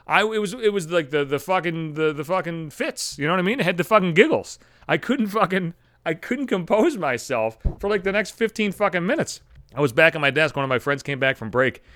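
A man hosting a solo podcast, telling a rambling, heavily profane story in an animated way. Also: fairly high pitch, no room sound, clean studio sound. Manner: rambling, heavy swearing, animated retelling. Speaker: podcast host.

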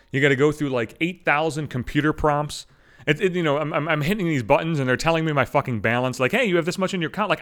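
A man's voice: on the high side, pushed and bright. A man in his thirties hosting a podcast, ranting angrily with constant swearing and mocking asides. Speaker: podcast host. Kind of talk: profane ranting monologue.

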